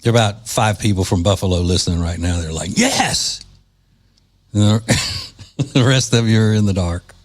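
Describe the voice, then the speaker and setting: A man's voice: low-pitched, quick pace. Male talk radio host. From Louisiana. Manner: joking, wry, sarcastic asides. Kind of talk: casual talk radio monologue.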